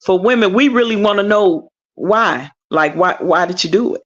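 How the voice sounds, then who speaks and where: A woman's voice: mid-range voice, expressive, normal speed, fairly bright tone, highs cut off. A woman co-host in casual chat, speaking frankly for women with hesitant restarts.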